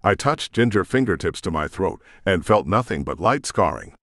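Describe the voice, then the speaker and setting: A man's voice: sits low, very animated, moderate pace, fairly bright tone, dry recording, studio quality. A man narrating a romance audiobook in first person with dramatic, intense storytelling.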